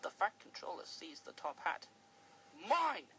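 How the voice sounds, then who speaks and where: Slow, expressive storybook narrator. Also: mid-range voice, crowd noise, low-quality recording. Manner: expressive, swooping delivery.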